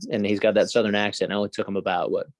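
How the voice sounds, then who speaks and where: A man talks sports on a podcast in a low, rather deep voice. The sound is dry and close, with no room around it. He rambles, hedges and wanders into trivia asides. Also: flat delivery, racing, no echo. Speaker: podcast co-host. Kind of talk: casual sports chat.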